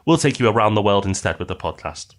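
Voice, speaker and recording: A man co-hosting a property podcast, reading reviews and giving brisk, playful promos. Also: fairly low pitch, animated. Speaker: podcast co-host. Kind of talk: casual chat.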